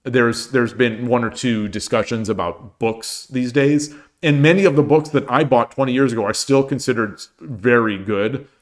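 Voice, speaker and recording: A man's voice: medium pitch, moderate pace. Tired, rambling man streamer. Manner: rambling, with frequent restarts and self-deprecating jokes. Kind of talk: casual chat while streaming games.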